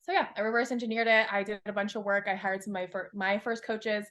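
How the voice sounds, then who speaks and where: A woman in her thirties, a success coach from Hawaii, tells her story on a podcast in a candid, expressive way, swearing freely and acting out her past thoughts. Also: medium pitch, fast talker.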